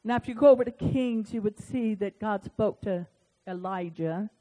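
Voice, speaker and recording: A woman preacher delivering an impassioned sermon that swings between hushed, quiet passages and loud shouting, acting out conversations with God. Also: medium pitch, moderate pace. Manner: acts out dialogue with God.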